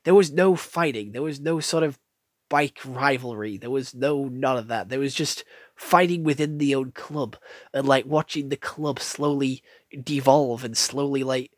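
A man's voice: mid-range voice, measured pace, no room sound. Male film reviewer, off-the-cuff and blunt, swears a lot, dry recording. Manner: rambling, blunt, swears freely, many fillers. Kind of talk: casual spoken film review.

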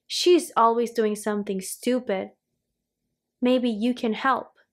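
A woman's voice: fairly high pitch, fairly even intonation, slow. A woman voicing a mean, bossy mother witch in a read-aloud storybook. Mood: shrill.

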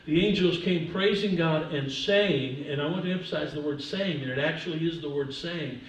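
A man, an older pastor, preaching a sermon with humor, swinging between soft asides and loud emphasis. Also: on the high side, moderate pace. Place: church sanctuary. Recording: echoey church from a distance.

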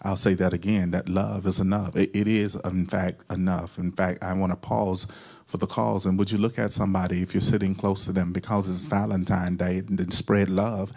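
A man's voice: low voice, level tone, normal speed, gravelly, darkish tone. A man preaching a sermon as pastor, repeating key phrases and calling on the congregation to answer back.

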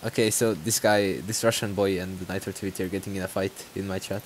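Low-voiced man from Croatia, stream host, crude and jokey, faint hiss. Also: fairly even intonation, fast, low-quality recording. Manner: crude, joking, laughs often. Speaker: livestream host. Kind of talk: casual livestream banter.

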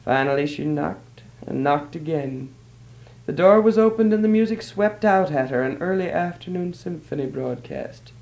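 Man reading a short story aloud, measured, gravelly, kinda high. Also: expressive, a little mellow, poor audio. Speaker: narrator. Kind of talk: scripted story narration.

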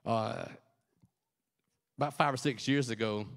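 Sex: male. Role: preacher. Style: sermon. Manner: fervent and conversational, becoming emotional. Pitch: average for a man. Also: unhurried, vocal fry, fairly bright tone.

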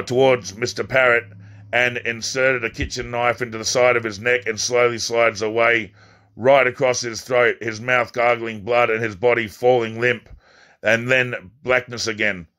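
A man's voice: medium pitch, fairly bright tone. A man reading his own first-person story aloud, plainly, with occasional slips and restarts.

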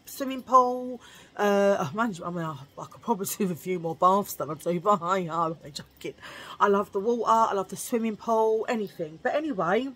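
A woman vlogger chats casually to her viewers, drifting into rambling stories and laughing at her own jokes. Her voice has a husky, breathy texture at a medium pitch. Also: lively intonation, moderate pace, fairly bright tone. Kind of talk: chatty vlog storytelling.

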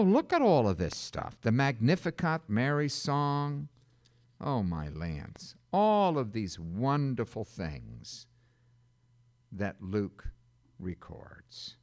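Here a man with a higher-leaning voice preaches a sermon in the role of a Bible teacher. His style is dramatic and forceful, marked by sudden loud bursts and chatty asides.

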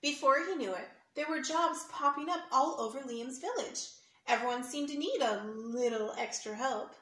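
A woman reads a picture book aloud to children, stopping to explain words and point at the pictures. Her voice sits fairly high. The recording is echoey, with a faint hiss behind it. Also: moderate pace, bright, forceful tone. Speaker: storyteller for children.

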